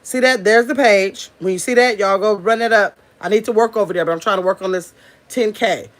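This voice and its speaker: A woman's voice: mid-range voice, brisk. A middle-aged woman hosting her own channel, talking bluntly and casually to the camera and calling her viewers y'all. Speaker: channel host.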